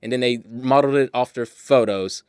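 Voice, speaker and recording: A man co-hosting a podcast, casually and excitedly retelling a movie's plot. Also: medium pitch, brisk, smooth, dry recording, studio quality. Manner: animated storyteller, swears, acts out lines. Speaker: podcast co-host. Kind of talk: casual movie-recap chat.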